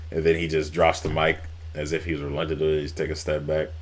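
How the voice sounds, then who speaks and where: A man's voice: rumbling low, completely flat delivery, brisk. A man casually recapping old wrestling storylines, rambling and swearing now and then. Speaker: wrestling YouTuber.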